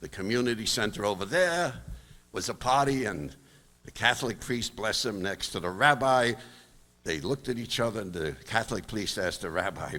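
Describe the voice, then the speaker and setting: A man's voice: animated, normal speed, pushed and bright. An older man from Brooklyn, telling jokes on stage in punchy bursts. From Brooklyn, New York. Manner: punchy joke delivery with big swings of pitch. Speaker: comedian, stage performer. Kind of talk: stand-up storytelling on stage. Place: large high school auditorium. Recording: long reverb of an auditorium.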